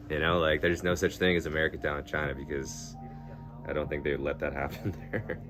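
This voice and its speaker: Deep-voiced man rambling casually. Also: level tone, brisk, over music. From Canada. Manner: rambling and laid-back, swears freely, laughs through stories. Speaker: livestreamer. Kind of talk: casual chat with stream viewers.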